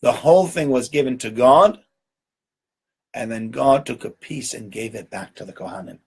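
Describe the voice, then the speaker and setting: A man's voice: medium pitch, animated, normal speed, gravelly, a little mellow, husky. Chatty man teaching a Torah lesson. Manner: conversational, asks "right?" often, repeats words for emphasis. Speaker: rabbi giving a Torah talk. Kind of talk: informal Torah lecture.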